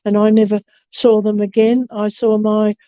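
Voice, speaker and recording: An older woman giving a personal account in an interview, halting and hesitant, with many fillers and restarts. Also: mid-range voice, little pitch movement, dark tone, no room sound. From Australia. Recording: dull, slightly muffled recording.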